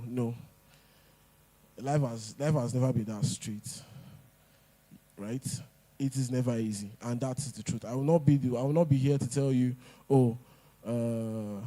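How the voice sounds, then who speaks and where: At an event, a man gives an emphatic motivational talk, repeating his lines and dropping in pidgin asides. His voice is mid-range and mellow.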